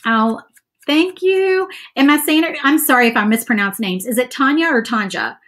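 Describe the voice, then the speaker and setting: A woman's voice: sits high, animated, normal speed, a bit bright. Chatty woman hosting a craft livestream. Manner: chatty, rambling, many fillers. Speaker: crafting channel host. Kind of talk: casual live crafting chat. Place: home craft table. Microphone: overhead camera setup.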